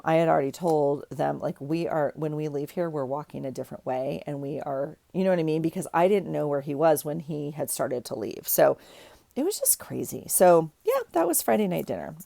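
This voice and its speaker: A woman's voice: sits low, moderate pace, creaky, dry recording. A woman in her forties telling a story in a casual, chatty way while she works on a journal, filling it with lots of "like"s. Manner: chatty, animated retelling with many "like"s. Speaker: journaling vlogger.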